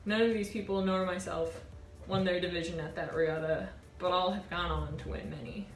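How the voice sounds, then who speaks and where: A woman in her twenties, a college sailor, telling a reflective personal story in an earnest, warm way. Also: on the low side, fairly even intonation, a little fast, echoey room, soft background music. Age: 20s. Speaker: college sailor and award winner.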